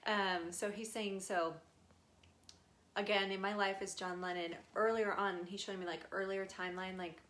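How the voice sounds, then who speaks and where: A woman's voice: medium pitch, steady tone, normal speed, fairly bright tone. A young adult woman, a spirit medium, chatting through a live channeling session, relaying messages with lots of fillers and giggles.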